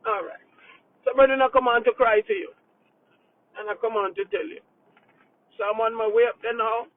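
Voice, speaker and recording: A woman pastor, crying as she talks, gives a halting, emotional update to her congregation from a moving car, repeating herself and asking for prayer. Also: on the high side, steady tone. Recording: tinny phone-like, dry sound.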